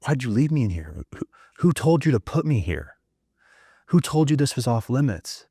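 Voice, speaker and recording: A man's voice: mid-range voice, sing-song, moderate pace, warm tone, slightly rough, no echo, studio quality, pitched above the performer's own voice. A man voicing his scared, angry younger self as a small boy, asking hurt, pleading questions.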